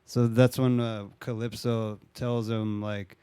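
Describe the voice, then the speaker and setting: A man's voice: lowish voice, level tone, takes it slowly, mellow, smooth, no echo. A young man casually retelling a movie plot, swearing often and acting out the characters' lines. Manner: laid-back, swears often, acts out quotes.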